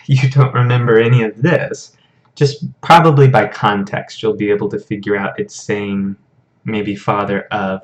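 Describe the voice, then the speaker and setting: A man's voice: on the low side, lo-fi sound. A man teaching a Hebrew grammar lesson over a shared screen, explaining patiently in a casual way with frequent fillers.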